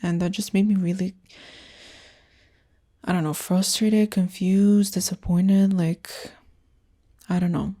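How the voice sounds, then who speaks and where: A woman's voice: fairly low pitch, steady tone, slow, pauses often, warm tone. A young woman from Canada hosting a solo podcast, talking candidly and rambling about frustrating dates. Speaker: podcast host. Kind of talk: casual solo podcast chat.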